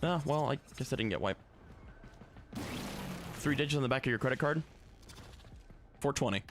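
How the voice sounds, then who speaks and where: A man's voice: mid-range voice, expressive, moderate pace, background noise. A man streaming a game, chatting casually with viewers in a joking, profane, offhand way. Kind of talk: casual live-stream chat.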